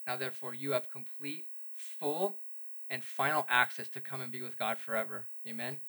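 A man preaching a sermon to a church congregation, earnest and conversational, rising to emphatic peaks and dropping quiet again. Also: medium pitch, fairly even intonation, normal speed. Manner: relatable asides to the congregation. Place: church service.

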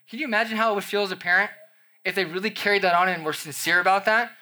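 A man's voice: on the high side, brisk, pushed and bright. A young adult man preaching a sermon, reading scripture and acting out everyday scenes as he explains it. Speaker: pastor.

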